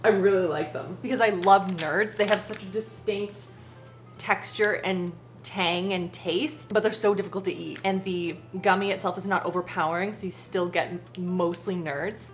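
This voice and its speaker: A woman filming a casual cooking vlog, chatty and excitable, talking straight to the camera. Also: fairly low pitch, moderate pace, soft background music. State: out of breath. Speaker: cooking vlogger.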